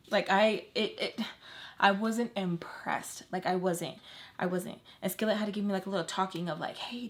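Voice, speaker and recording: Animated young woman telling a story. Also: medium pitch. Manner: animated, slangy, swears, heavy "like". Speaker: vlogger. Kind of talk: casual storytime.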